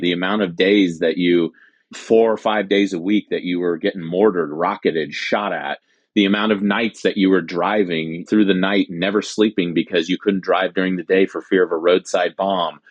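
A deep-voiced American military veteran in his forties, recorded with no echo but a muffled sound, shares his personal story as a guest. He speaks earnestly and candidly, acting out conversations he remembers.

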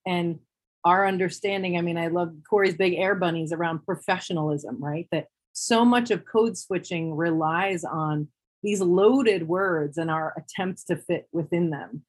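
A woman talking in a relaxed discussion, thoughtful and wry, often restarting her sentences. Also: fairly low pitch, unhurried, slightly rough. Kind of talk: casual discussion.

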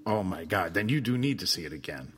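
A man co-hosting a podcast, chatting casually about a film, animated and teasing, laughing often. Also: low-pitched, fast talker, big-room sound, a little hiss or hum. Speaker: podcast co-host.

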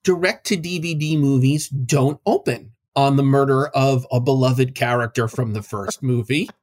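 A man's voice: mid-range voice, moderate pace, darkish tone, no room sound. A man co-hosting a podcast, chatting casually and jokingly about a film, on a close mic. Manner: jokey, playful asides. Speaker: podcast co-host. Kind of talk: casual film discussion chat.

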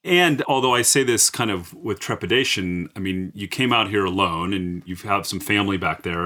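Deep-voiced guy hosting an interview, earnest and thoughtful, lots of fillers. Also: pushed and bright. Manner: earnest, reflective, uses many fillers. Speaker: interview host. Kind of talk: conversational interview.

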